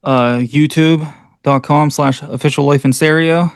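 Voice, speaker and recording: A man's voice: a little high, fairly even intonation, smooth, no echo, clean studio sound. A man cohosting a podcast in casual chat, playful and joking, tossing out wild ideas. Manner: joking, playful, quick to laugh.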